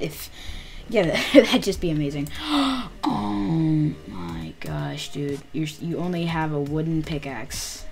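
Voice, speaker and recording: A woman hosting a gaming channel, giving casual, excitable game commentary packed with fillers. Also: fairly low pitch. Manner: chatty, excitable, lots of "like" fillers.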